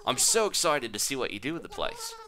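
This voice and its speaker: Guy doing a posh kangaroo lady w a shaky aussie accent, high and lively, music under it. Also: racing, crowd noise. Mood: delighted. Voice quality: put-on Australian accent. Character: fancy kangaroo mother, polite and modest.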